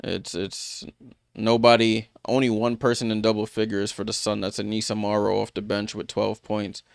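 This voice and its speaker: A man's voice: on the low side, little pitch movement, normal speed, creaky, smooth, dry recording, studio quality. A man hosting a live sports watchalong, recapping scores in a loose, chatty way with lots of fillers and answering viewers by name. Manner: loose, filler-heavy recap with many restarts. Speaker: watchalong host. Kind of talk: casual live-stream commentary.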